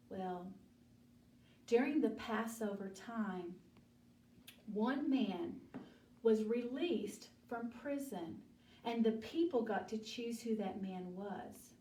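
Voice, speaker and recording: Slow, echoey woman telling a Bible story. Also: a little high, mellow. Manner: dramatic storytelling with acted voices. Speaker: children's Bible teacher. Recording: echoey room from far off.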